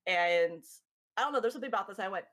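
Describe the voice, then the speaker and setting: A woman co-hosting a podcast in casual chat, animated and acting out what others said. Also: medium pitch, fast. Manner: animated, acts out what people said. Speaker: podcast co-host.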